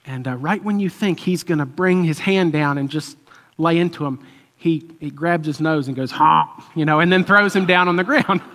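A man with a slightly high voice gives a relaxed, chatty sermon. He tells the story loosely, with small fillers and easy chuckles. His voice rings out with a long echo in a church hall. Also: normal speed. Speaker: preacher. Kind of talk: conversational sermon.

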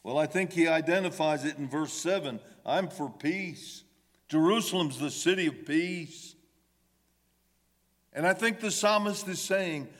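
A man preaching slowly and deliberately, his voice sitting a little high. He presses each plea with growing emphasis. The sound rings with the long reverb of a large sanctuary. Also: a bit bright. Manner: emphatic, voicing the psalmist's pleas with rising intensity. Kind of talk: sermon.

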